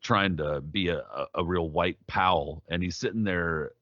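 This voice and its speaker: Deep-voiced man telling boxing history, swearing. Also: measured pace, dry recording, highs cut off. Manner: profane, animated storytelling with bursts of quoted voices. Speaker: podcast co-host. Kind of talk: casual chat.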